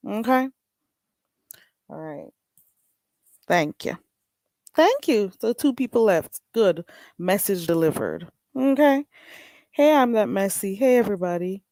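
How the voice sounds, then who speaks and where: A woman's voice: fairly low pitch, a little mellow, no room sound, low-quality recording. A woman with a Jamaican accent hosting a casual livestream, greeting viewers by name and speaking bluntly and sassily. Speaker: livestream host.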